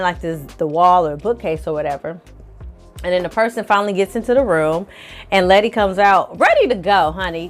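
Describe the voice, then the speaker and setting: A woman hosting her own channel, recapping a TV episode in a lively, slangy storytelling style. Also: medium pitch. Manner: animated, slangy storytelling with acted quotes. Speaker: film reviewer, channel host.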